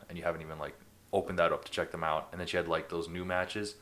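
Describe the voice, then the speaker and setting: Young guy, very low voice, rapid laid-back podcast banter. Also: fairly even intonation, a bit bright. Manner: laid-back, swears freely, laughs often. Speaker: podcast co-host. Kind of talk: casual chat.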